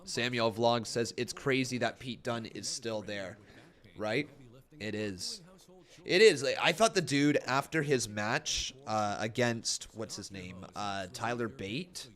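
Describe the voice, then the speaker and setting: A man's voice: medium pitch, slow pace, fairly bright tone. A man casually reacting to wrestling on a live stream, reading chat messages aloud and rambling with frequent laughs. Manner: joking, laughs often.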